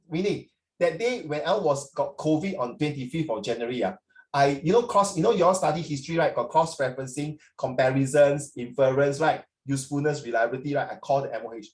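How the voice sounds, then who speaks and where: A middle-aged man with a Singaporean English accent talks students through their essays over a video call, chatty and lively, slipping into Chinese now and then. His voice sits fairly high. The room around him is echoey. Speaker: tutor. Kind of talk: online class feedback. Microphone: computer mic on a video call.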